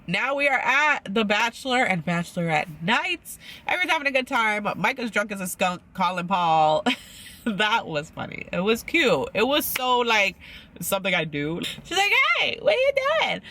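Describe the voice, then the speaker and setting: A man casually recaps a reality show, rambling along with constant "like"s and acting out quotes. His voice is high with lively intonation at a moderate pace, and its tone is bright and forceful.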